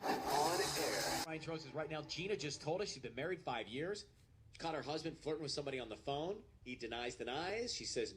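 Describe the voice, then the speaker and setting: A man's voice: a little high, animated, a little fast, a bit bright, a little hiss or hum. A man hosting a radio call-in show, upbeat and bantering.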